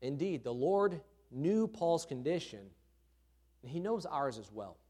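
A man's voice: on the high side, animated, unhurried, mellow. A man preaching a sermon from the pulpit in a conversational way, repeating his key phrases. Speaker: pastor. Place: church.

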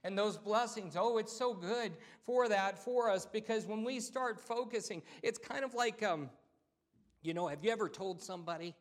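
High-voiced man preaching conversationally. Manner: conversational preaching with repetitions and call-outs. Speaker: pastor. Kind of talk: sermon.

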